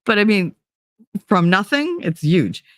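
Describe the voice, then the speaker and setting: A woman's voice: mid-range voice, measured pace, no room sound, clean studio sound. A woman hosting her own stream, telling a story casually, swearing freely and acting out what people said. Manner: animated, swears freely, acts out quotes. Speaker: stream host.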